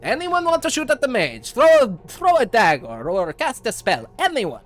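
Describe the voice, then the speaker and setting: A man voicing a bored, swaggering male pirate captain who whines loudly and mocks his foe. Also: extremely high pitch, huge pitch swings, normal speed, soft background music, voice pushed up, heavily acted. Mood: bored, mocking.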